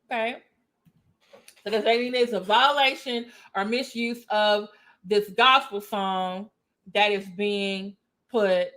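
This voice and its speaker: A woman's voice: medium pitch, steady tone, slow pace, a bit bright. A woman talking casually as a commentary vlogger, greeting viewers and reading definitions aloud.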